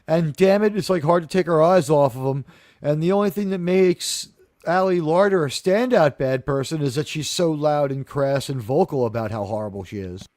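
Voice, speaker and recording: A fairly high-voiced man hosts a live chat about a TV episode, animated and quick to act out quoted lines. His voice sounds close and dry, with no room around it. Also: no room sound. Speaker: host of a TV review discussion. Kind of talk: casual chat, recapping an episode.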